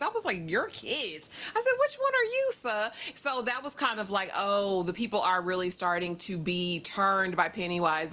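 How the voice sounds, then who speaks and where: A woman co-hosting a casual TV recap chat, sassy and animated, often acting out the characters she quotes. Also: medium pitch. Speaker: podcast co-host.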